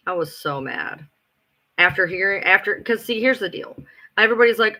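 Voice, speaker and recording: A livestream host venting in a heated, profane rant, talking fast in bursts. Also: mid-range voice, steady tone, bright, forceful tone.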